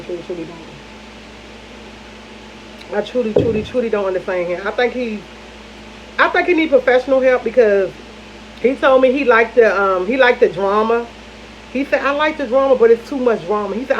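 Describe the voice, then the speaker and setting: Woman vlogger, higher voice, casual storytime gossip, faint hiss on the track. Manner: animated gossip, repeats lines for emphasis, talks to viewers as "y'all". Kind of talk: casual storytime chat to viewers. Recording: dull lo-fi audio with faint noise.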